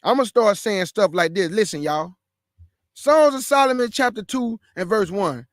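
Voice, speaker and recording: Fervent high-voiced man preaching. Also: big pitch swings, moderate pace, no echo, studio quality. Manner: fervent, exclaims and calls out to listeners. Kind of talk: fervent scripture reading and preaching.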